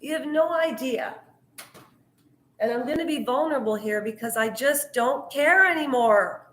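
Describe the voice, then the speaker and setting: A woman's voice: high voice, expressive, moderate pace, fairly bright tone. Upset middle-aged woman vlogging, roomy echo. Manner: heated, earnest, talks of her anger. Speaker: YouTuber. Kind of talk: emotional vlog monologue.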